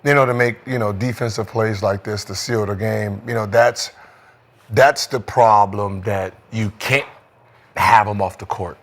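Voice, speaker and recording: A man with a fairly low voice talks through a basketball game in loose, rambling podcast chat. He leans on "you know" constantly and drifts between thoughts. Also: fairly even intonation, a little slow, fairly bright tone. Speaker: podcast co-host, former basketball player. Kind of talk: casual sports chat.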